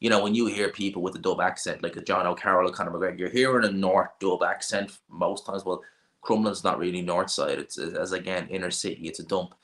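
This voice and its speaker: Speaking fairly quickly in a deep, steady, fairly bright voice, an Irish livestream host with a North Dublin accent fields viewer questions. His takes are blunt and offhand, and he frequently restarts.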